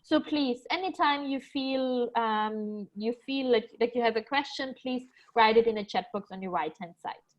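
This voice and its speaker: A woman's voice: a little high, normal speed, rough recording. A woman moderating an online webinar, introducing the speakers with frequent ums and small slips. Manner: many ums and uhs, reads bios with small slips.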